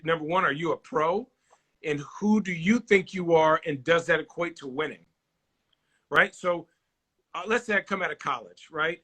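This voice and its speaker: A man in his forties, a former basketball player, telling stories in a casual interview and acting out the people he quotes. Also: a little high. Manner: animated storyteller, acts out quoted voices.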